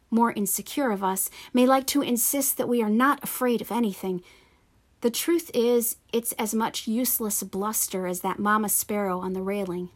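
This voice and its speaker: Woman pastor preaching a sermon. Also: mid-range voice. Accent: Pennsylvania. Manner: measured, earnest preaching.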